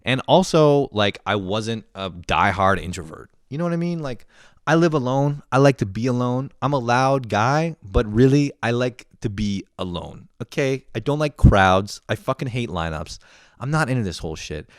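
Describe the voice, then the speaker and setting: Give me a young man in a profane, animated comedy rant, close and dry. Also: mid-range voice, moderate pace, no room sound. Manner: profane, animated, laughs often. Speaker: host.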